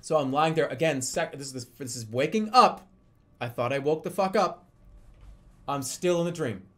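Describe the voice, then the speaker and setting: A man's voice: a little high, normal speed, a bit bright. A young adult man, a streamer, telling a story in casual, profane speech with frequent laughter.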